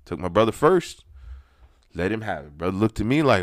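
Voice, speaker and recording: Ranty, profane man with a low voice. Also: brisk, no echo, studio quality. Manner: profane, animated, loud when excited. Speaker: podcast host. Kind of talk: ranty personal storytelling monologue.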